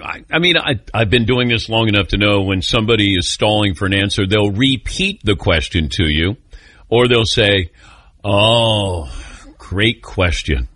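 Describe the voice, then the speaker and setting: A man's voice: lowish voice, expressive, pushed and bright, no echo. A middle-aged man hosting a radio talk show, bantering with callers and crew in a joking, self-mocking way. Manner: joking, self-mocking, quick back-and-forth. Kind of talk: casual talk radio chat.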